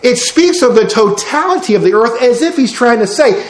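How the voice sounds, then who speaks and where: High-voiced preacher in a roomy hall. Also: male voice, expressive, normal speed. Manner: folksy, emphatic preaching with rhetorical questions. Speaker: pastor. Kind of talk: sermon. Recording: roomy church hall sound.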